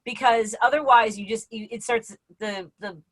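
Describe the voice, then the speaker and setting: A woman's voice: a little high, fairly even intonation, moderate pace, a bit bright. A woman in her forties doing a brash, self-mocking stand-up set over a video call from home. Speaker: stand-up comedian. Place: home, before a green screen.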